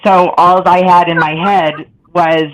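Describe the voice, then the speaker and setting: A man with a very high-pitched voice chats casually. He tells his story in an animated way and acts out the lines he quotes. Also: a little slow, crowd noise, rough recording. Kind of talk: casual chat.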